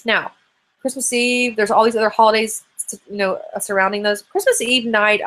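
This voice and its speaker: A thirtysomething woman hosts a live online hangout, answering viewer questions in a casual, rambling way packed with fillers. Her voice is fairly high and a little bright, with fairly even intonation and a normal pace.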